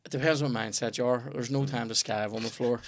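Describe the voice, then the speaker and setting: A man's voice: mid-range voice, steady tone, quick pace. A man hosting a podcast, telling a rambling, sweary story full of restarts. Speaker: podcast host. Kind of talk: casual storytelling chat.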